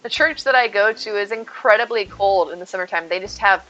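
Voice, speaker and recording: A woman with a brisk, slightly bright mid-range voice streams a game, and the audio is lo-fi. She chats casually and rambles to her viewers, addressing them by name during the live stream.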